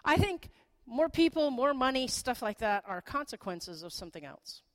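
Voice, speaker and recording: A woman's voice: sits high, moderate pace. Woman pastor preaching conversationally. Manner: conversational, animated delivery with playful asides. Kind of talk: sermon.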